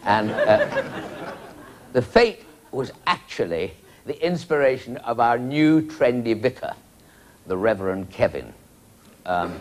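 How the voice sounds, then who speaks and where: A man's voice: on the low side, noisy background. A man telling a long rambling joke with chuckling asides. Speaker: comedian.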